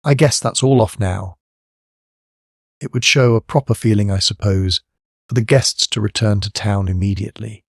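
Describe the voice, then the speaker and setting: A man voicing a placid American gentleman collector who speaks in a slow, polite drawl with an American accent. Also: lowish voice, creaky, no room sound, clean studio sound.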